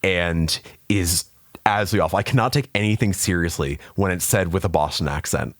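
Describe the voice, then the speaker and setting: A man co-hosting a podcast, chatting casually, swearing freely and animated. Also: low voice, dry recording, studio quality. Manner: animated, swears freely, jumps into quick put-on voices. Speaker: podcast co-host. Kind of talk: casual chat.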